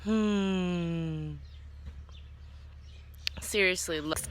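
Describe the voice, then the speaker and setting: A woman's voice: on the low side, animated, unhurried, long pauses, fairly bright tone, a little hiss or hum. A woman from Southern California, vlogging casually at home, who is playful and chatty, swears freely and coos in baby talk to her pets.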